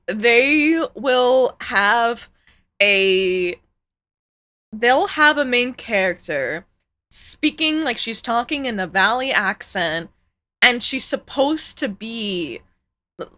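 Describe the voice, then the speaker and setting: A woman streamer in casual live-stream chat, animated, groaning and laughing as she reacts to clips. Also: medium pitch.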